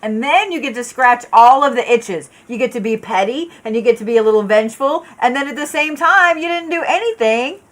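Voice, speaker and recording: A woman's voice: fairly high pitch, expressive, brisk, hardly any pauses. Blunt, casual woman reading tarot. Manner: casual, blunt and profane, chatty with viewers; frequent fillers and restarts. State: yawning, tired. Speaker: tarot reader. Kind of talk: live tarot card reading.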